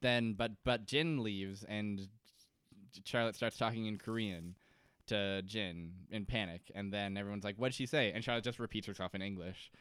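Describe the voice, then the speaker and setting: A man's voice: fairly low pitch, fairly even intonation, normal speed, a bit bright, clean tone, no room sound. A man co-hosting a casual comedy podcast, recapping a TV episode and acting out scenes in goofy voices. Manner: jokey, acts out scenes in silly voices. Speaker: podcast co-host.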